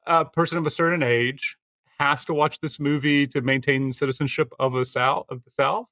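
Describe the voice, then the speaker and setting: A man co-hosting a casual film podcast, teasing his guests with quick interruptions. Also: a little high, fairly even intonation, sharp tone. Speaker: podcast co-host.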